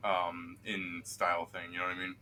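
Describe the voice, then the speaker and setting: Guy running a tabletop game, kinda low voice, rambly with lots of "like", faint hiss behind. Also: completely flat delivery, normal speed, pushed and bright. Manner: rambling, hesitant, many fillers. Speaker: game master.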